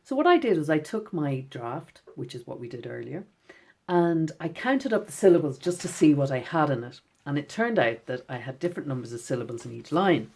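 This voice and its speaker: A woman, a poet giving a gentle, encouraging recorded lesson for schoolchildren, reading her poems out slowly. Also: sits low, sing-song, breathy edge. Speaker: poet teaching children.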